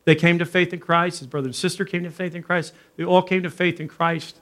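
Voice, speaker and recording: A middle-aged pastor telling a story in a sermon, acting out the people in it with animated delivery. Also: male voice, a little high, a little fast. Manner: animated, acts out dialogue in his story.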